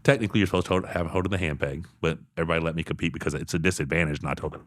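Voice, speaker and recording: A man, telling animated stories as a podcast guest. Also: sits low, no echo, studio quality. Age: 40s. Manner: fast animated storytelling. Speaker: podcast guest, arm wrestler. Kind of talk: casual interview storytelling.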